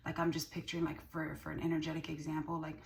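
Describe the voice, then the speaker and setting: Low gravelly woman reading tarot. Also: completely flat delivery, fast talker. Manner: emphatic, repeats herself, swears freely. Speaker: tarot reader. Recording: distant mic with ambient noise.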